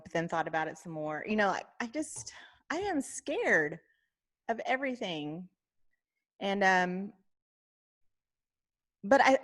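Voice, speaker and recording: Female podcast co-host, casual chat, animated storyteller, mid-pitched voice. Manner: animated storyteller, often quoting herself and others.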